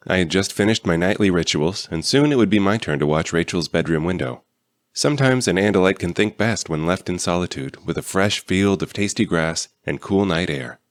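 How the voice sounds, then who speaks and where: Deep-voiced guy reading a fan audiobook, steady, dry close sound. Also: dry recording. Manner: steady storytelling. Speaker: audiobook reader. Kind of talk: first-person audiobook narration.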